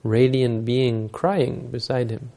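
A man's voice: medium pitch, flat delivery, takes it slowly, gravelly, dark tone. A man giving a Buddhist dharma talk, telling stories and explaining teachings unhurriedly, using Pali terms.

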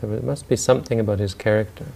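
Brief: male storyteller, dark gravelly voice, relaxed and unscripted. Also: on the low side, very fast, slight background noise. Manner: loose, with fillers and restarts. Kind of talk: spoken storytelling talk.

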